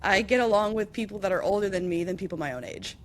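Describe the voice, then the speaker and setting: A woman in her thirties hosting a podcast, chatting casually and telling animated stories with acted-out quotes and frequent laughter. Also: mid-range voice, quick pace, slight background noise. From upstate New York. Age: 30s. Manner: animated storyteller, acts out quotes, laughs often. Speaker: podcast host. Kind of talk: casual chat.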